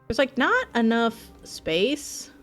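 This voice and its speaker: A woman streaming a game live, chatting in a bubbly, excitable way with her viewers. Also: on the high side, slow, faint music behind. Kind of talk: casual live-stream chat.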